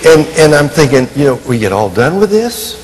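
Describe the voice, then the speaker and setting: A man telling a personal story in a sermon, animated and poking fun at himself, acting out what people said. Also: a little high, moderate pace, big-room sound, poor audio. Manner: animated, self-mocking humor, acts out quotes. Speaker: Christian minister and family counselor.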